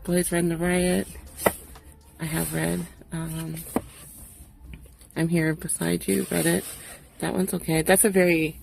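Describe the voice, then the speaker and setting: A woman vlogger in casual chat, relaxed and swearing freely. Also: on the low side, gravelly, slight background noise. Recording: music playing behind her voice.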